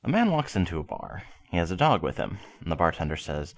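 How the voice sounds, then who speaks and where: A man's voice: rumbling low, animated, fast. A man telling a long bar joke, acting out the lines of each person in it. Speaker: joke teller. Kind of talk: storytelling a joke.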